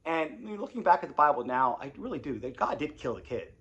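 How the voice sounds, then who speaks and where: A man's voice: fairly high pitch, very animated, a little fast, hardly any pauses, a bit bright. A man and former congregation elder telling his story in a casual, confessional way, rambling and repeating phrases.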